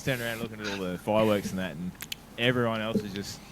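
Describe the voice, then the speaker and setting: A man's voice: lowish voice, fairly even intonation, fast talker, a crowd in the background. A man co-hosting a podcast, telling stories and laughing often. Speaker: podcast co-host. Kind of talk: casual storytelling chat.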